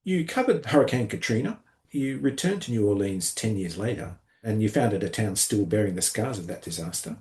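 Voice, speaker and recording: A man interviewing a guest, asking measured, plain questions. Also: on the low side, animated, a little mellow.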